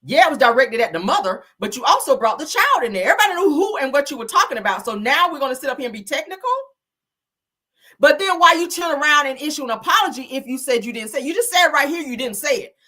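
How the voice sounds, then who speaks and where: A woman's voice: high-pitched, very animated, fast, sharp tone. A woman hosting reality TV commentary, blunt and scolding, with frequent swearing. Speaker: commentary host.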